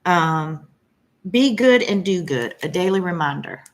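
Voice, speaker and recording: Woman host, middle-aged, chatty and gushing with lots of fillers, lowish voice. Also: expressive, unhurried. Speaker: flosstube host. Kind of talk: casual chat showing cross-stitch purchases.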